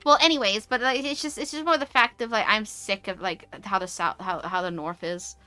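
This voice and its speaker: A young woman with a posh English accent, chatting casually on a stream and ranting with animated energy. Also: mid-range voice, fairly quick, no room sound, faint music behind. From United Kingdom. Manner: animated, ranty. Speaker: VTuber streamer. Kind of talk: casual chat.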